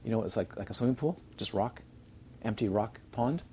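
A man's voice: on the low side, a little fast, dark tone, a little hiss or hum. A man teaching as a Buddhist teacher during a retreat, chatty and checking in with his listeners as he tells funny stories. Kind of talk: Dharma talk on a retreat. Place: retreat centre.

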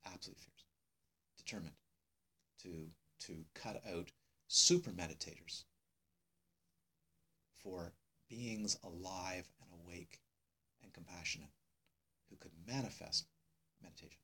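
A male meditation teacher giving a dharma talk to students, emphatic and unhurried, repeating phrases with many pauses. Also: low-pitched, pushed and bright, husky. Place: meditation hall.

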